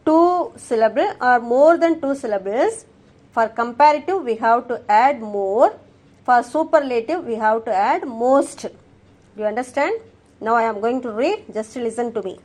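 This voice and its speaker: A woman with an Indian English accent teaching a grammar lesson, slowly reciting word lists for the class. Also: a little high, expressive, a little mellow. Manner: slow, drilling recitation of word forms.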